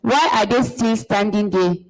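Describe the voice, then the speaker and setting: A woman's voice: medium pitch, moderate pace, natural voice. A woman with a Nigerian accent reading the part of a proud, sulky village boy. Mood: haughty. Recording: long reverb.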